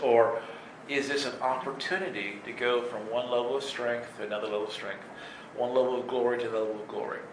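A man telling stories from his life in an animated way, laughing and acting out voices. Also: medium pitch, a little hiss or hum. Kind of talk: storytelling talk. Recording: echoey room with faint ambience.

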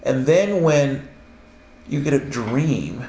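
A man's voice: mid-range voice, animated, slow, mellow, reverberant. A man preaching an informal sermon, acting out quoted voices and laughing often as he teaches.

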